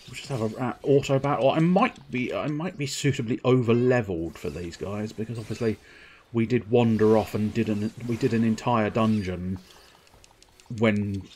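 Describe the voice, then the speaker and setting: Guy streaming a game, husky lowish voice, rambles and jokes at his own expense. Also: a little mellow. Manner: rambling, jokey, self-mocking chatter. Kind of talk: casual live-stream commentary while playing.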